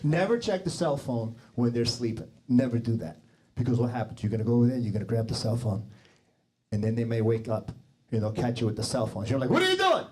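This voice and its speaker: A man in his forties doing stand-up in a comedy club, brash and profane, needling people in the crowd. His voice sits at an ordinary middle pitch, and he talks into a handheld stage mic. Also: fast, mellow. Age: 40s.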